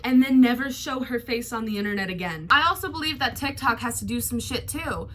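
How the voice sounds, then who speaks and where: A woman's voice: on the high side, lively intonation, fairly quick, a bit bright. A woman hosting a commentary vlog, talking in a blunt, sarcastic tone and swearing freely. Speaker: commentary YouTuber.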